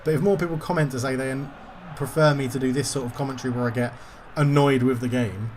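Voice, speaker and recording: A man's voice: mid-range voice, fairly even intonation, fast, darkish tone, slight background noise. A man commentating his own football video game session, getting frustrated and swearing at the game. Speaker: gaming YouTuber.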